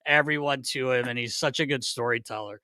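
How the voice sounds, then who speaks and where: A man telling stories on a podcast, animated and swearing, laughing often as he talks. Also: mid-range voice, brisk, no echo. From Philadelphia. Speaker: podcast co-host, former player. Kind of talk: casual storytelling chat.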